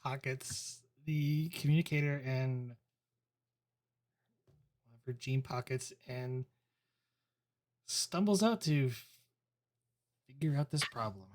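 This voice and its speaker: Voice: medium pitch, slow pace, pauses often, darkish tone. A player in a tabletop role-playing game who casually describes their own character's actions.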